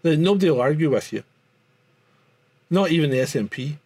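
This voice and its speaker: Scottish guy on a podcast, kinda husky, rambles and repeats himself. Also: on the high side, expressive, brisk, a little mellow, no room sound. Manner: rambling, repeats words, frequent restarts. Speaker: podcast co-host. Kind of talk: casual chat.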